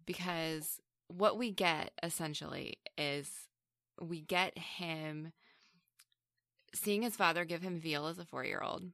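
A woman's voice: low voice, slow, a bit bright, dry recording, studio quality. A woman co-hosting a film discussion, talking casually and analytically, sometimes acting out characters' lines. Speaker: film review podcast co-host.

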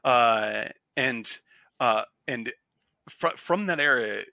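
A man's voice: mid-range voice, expressive, takes it slowly, vocal fry, pushed and bright, no room sound. A man from Cape Cod, Massachusetts, chatting casually, rambling through lots of fillers and restarts and breaking into laughter. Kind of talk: casual chat.

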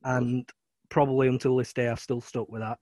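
A man's voice: mid-range voice, flat delivery, fairly quick, dark tone, no room sound. A man talking casually as a guest about his early cricket years, hesitant with many ums. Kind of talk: casual chat.

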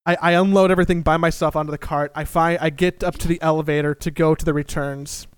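A young man tells a funny personal story in an animated, profane and self-mocking way. His voice sits a little high and comes across smooth and clear. The sound is dry and close. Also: no echo. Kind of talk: casual comedic storytelling.

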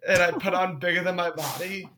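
A man with a high, bright voice tells stories on a comedy podcast. He talks in an animated, profane way, leaning into the jokes. The chat is loose and casual. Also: a little fast, slight background noise. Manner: animated storyteller, swears a lot, does friends' voices.

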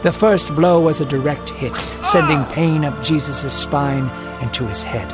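A man's voice: on the high side, unhurried. Dramatic male narrator, grave and intense, music playing strong under him.

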